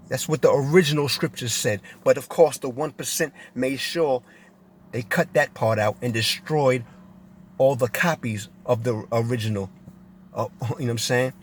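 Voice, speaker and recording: A man's voice: medium pitch, normal speed, slight background noise. A man speaking in a casual monologue, preachy and emphatic, repeating phrases as he goes on. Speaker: video commentator.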